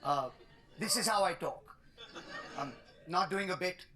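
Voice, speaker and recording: A man's voice: high-pitched, expressive, unhurried, pushed and bright, faint music behind. A man with an Indian accent performing a stand-up comedy set with a punchy, playful delivery. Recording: TV studio stage with audience laughter. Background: crowd laughing.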